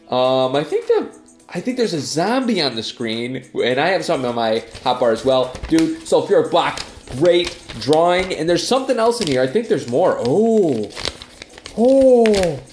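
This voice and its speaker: A young man vlogging about his fan mail with a stuffy nose from a cold, gushing with excitement. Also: on the high side, echoey room. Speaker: YouTuber. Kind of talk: casual vlog reading fan mail.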